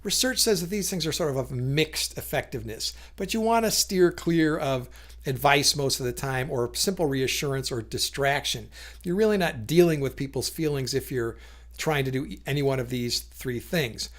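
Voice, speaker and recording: A man's voice: mid-range voice, normal speed. A man explaining communication in a casual talk to camera, thoughtful, with frequent fillers and restarts, briefly acting out quoted lines.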